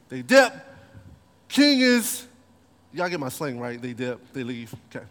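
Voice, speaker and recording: A man's voice: mid-range voice, big pitch swings, measured pace, long pauses, fairly bright tone. A man preaching a sermon, telling the story playfully and animatedly with slang. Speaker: pastor. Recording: long hall reverb.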